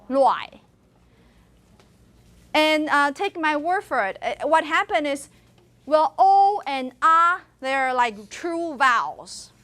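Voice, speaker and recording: High-voiced woman lecturing. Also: fairly bright tone. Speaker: university linguistics lecturer. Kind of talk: classroom lecture. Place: classroom.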